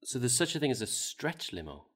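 A man's voice: medium pitch, very animated, brisk, a bit bright, slightly rough. A man in casual group chat who asks questions and repeats himself when he is confused.

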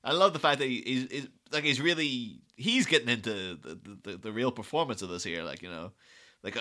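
A man's voice: mid-range voice, expressive, brisk, bright, forceful tone. A man co-hosting a podcast, rambling through casual analysis with many fillers, acting out quotes and laughing often. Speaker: podcast co-host.

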